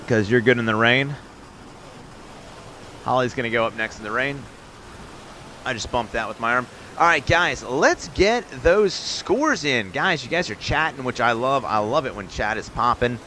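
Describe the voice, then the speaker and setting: A man's voice: medium pitch, lively intonation, normal speed, sharp tone, a little hiss or hum. A man hosting a live stream, chatting with viewers and calling play-by-play on a game. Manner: chatty, upbeat, talks straight to viewers in chat.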